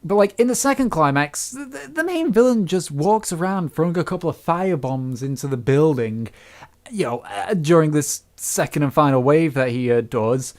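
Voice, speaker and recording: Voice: mid-range voice, expressive, moderate pace, darkish tone. A speaker giving a casual, unscripted film review, rambling and griping with many restarts along the way.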